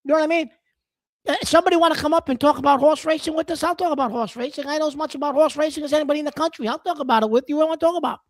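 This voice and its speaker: A man co-hosting a casual sports talk show, rambling and self-deprecating, coughing and clearing his throat now and then. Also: extremely high pitch, fairly even intonation, racing, no room sound, studio quality.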